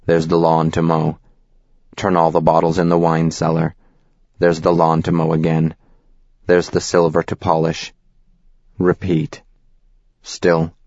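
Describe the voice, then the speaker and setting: A man reading a novel aloud as narrator, in a deadpan, measured, wry manner. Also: low-pitched, no room sound. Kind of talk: scripted audiobook narration. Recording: slightly dull, dry recording.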